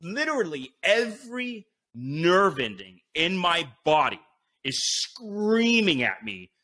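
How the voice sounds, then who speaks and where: A man guest tells an animated story, swearing often and acting out the voice in his own head. His voice sits a little high, with a bright, forceful, tense edge. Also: slow pace. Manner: vivid retelling that acts out his own inner voice, with frequent swearing and fillers. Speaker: podcast guest, BASE jumper.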